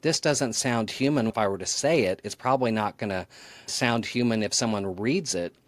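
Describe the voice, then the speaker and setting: A man's voice: lowish voice, moderate pace, no echo. A man speaking as a podcast guest, explaining his ideas in an earnest, thoughtful conversational way. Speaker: podcast guest, marketing author. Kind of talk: conversational interview.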